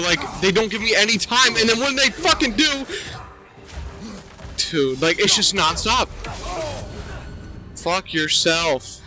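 A young gameplay streamer with a high-sitting voice swears constantly and rants at the game in exasperation. Game music plays behind him, and the audio is poor.

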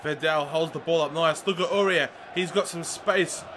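Excitable man, high bright voice. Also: normal speed, slight background noise. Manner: excitable, shouts at big moments, chatty. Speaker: gaming video host. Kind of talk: excited live gameplay commentary.

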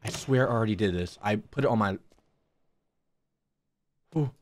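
A man's voice: on the low side, moderate pace. A young man streaming a horror game, cracking crude jokes to his chat and muttering nervously to himself. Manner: jokey, profane, talks to chat. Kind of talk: live gaming commentary.

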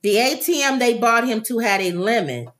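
A woman's voice: on the high side, animated, normal speed, fairly bright tone. A woman co-hosting a casual talk show, reading news stories aloud and breaking off to joke. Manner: reads stories then jokes and does impressions.

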